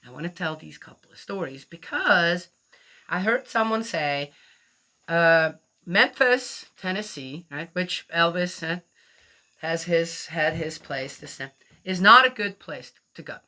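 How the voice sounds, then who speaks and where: A woman's voice: lowish voice, lively intonation, measured pace, bright, forceful tone. Chatty woman telling a story. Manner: rambling, chatty, many fillers and acted-out quotes. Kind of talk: casual spoken storytelling.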